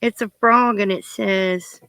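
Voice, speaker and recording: A woman's voice: medium pitch, fairly even intonation, takes it slowly, a bit bright, dry recording, low-quality recording. A woman hosting her crafting channel, chatting casually to viewers as she opens their parcels, gushing and giggling often. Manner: thinks aloud while unwrapping. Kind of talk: casual unboxing chat to viewers.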